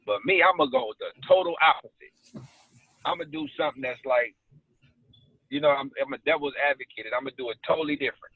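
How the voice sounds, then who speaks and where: A man's voice: medium pitch, gravelly, dry recording. Man, casual slangy storyteller, thin phone-like sound, dry. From South Side Chicago. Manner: animated storytelling with street slang. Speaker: actor guest. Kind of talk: casual interview chat.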